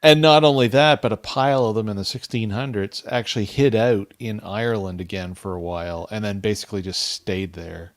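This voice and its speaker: A man's voice: on the low side, fairly quick, few pauses, dry recording, clean studio sound. A man in a casual chat, explaining things with chatty asides.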